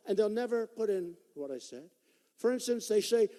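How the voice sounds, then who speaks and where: A political candidate in his sixties addresses a rally in a big performing arts hall with a fairly high, mellow voice that swings widely in pitch. His delivery is brisk with lively intonation, repetitive, boastful and conversational, and long reverb rings around him.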